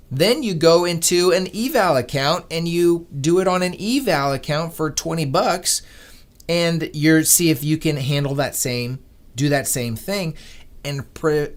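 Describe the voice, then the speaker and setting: A man hosting a live trading stream, talking to viewers in an earnest, animated, motivational way. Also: on the high side, a little slow. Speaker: day-trading livestream host. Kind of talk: casual livestream talk.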